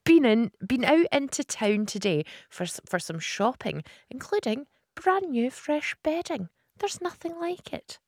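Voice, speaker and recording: A woman's voice: on the high side, big pitch swings, unhurried, hardly any pauses, a little mellow, dry recording. A woman hosting a radio show, chatting casually, laughing often and reading out listener messages on a studio mic. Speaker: radio host. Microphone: studio microphone.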